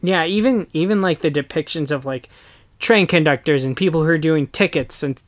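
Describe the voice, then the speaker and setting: A young American man chatting casually on a podcast, animated and quick to slip into playful voices. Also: a little high, no room sound, studio quality. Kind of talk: casual chat.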